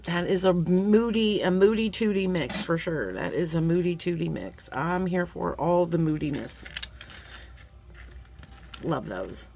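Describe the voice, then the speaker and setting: A woman, chatting warmly to viewers as she gushes over beads in a casual unboxing vlog. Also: on the low side, animated, unhurried, vocal fry, a little hiss or hum. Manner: chatty and gushing, talks to viewers as friends; sometimes drops to a playful whisper. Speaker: jewelry-making vlogger.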